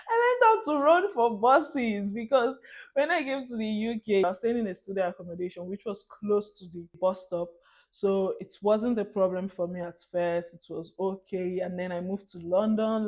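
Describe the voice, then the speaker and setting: Animated Nigerian woman telling stories. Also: medium pitch. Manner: animated, laughs often, mixes in Nigerian Pidgin. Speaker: vlogger. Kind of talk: casual storytelling monologue.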